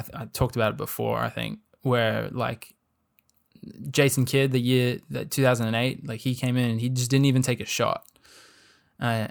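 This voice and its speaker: A young man with an Australian accent chats loosely about his team, stringing thoughts together with constant "like" and "um". His voice sits at an ordinary middle pitch, unhurried and conversational, the easy talk of a podcast host. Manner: rambling, filler-heavy with frequent "like" and "um". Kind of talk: casual sports chat.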